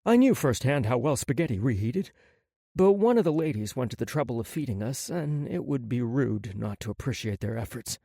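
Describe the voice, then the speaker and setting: A man narrates a first-person novel in an expressive, intimate way. His pitch moves in a lively way. The recording is close and dry. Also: a little fast, gravelly, no echo. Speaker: audiobook narrator.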